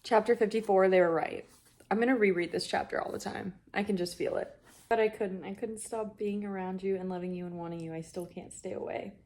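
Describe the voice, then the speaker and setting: A woman reacting out loud as she reads a fantasy novel, gushing and sometimes dropping to a whisper. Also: medium pitch, steady tone, brisk. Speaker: book vlogger. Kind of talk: reading vlog reactions.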